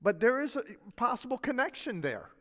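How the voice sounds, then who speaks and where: A man preaching from the pulpit, his voice set high for a man and swinging widely in pitch. He talks in a folksy, animated way, dropping chuckles and asides to the congregation. The long reverb of a church sanctuary trails after each phrase. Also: fairly quick. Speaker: pastor. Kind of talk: sermon.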